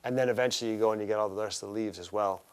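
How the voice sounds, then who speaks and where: A man's voice: lowish voice, fairly even intonation, racing, clear, resonant tone. A man teaching a live herbalism class, talking casually and with enthusiasm, and quizzing his students.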